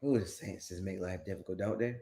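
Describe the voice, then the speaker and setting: A man's voice: sits low, a little fast, vocal fry. A man co-hosting a live stream in playful, teasing casual chat. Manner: playful, teasing, animated banter. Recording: roomy echo.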